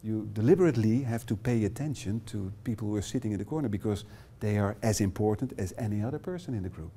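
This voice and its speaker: A man's voice: on the low side, fast talker, dark tone, breathy edge. Dutch-accented man leading a workshop. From Netherlands. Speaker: workshop trainer. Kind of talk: live workshop presentation. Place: small classroom.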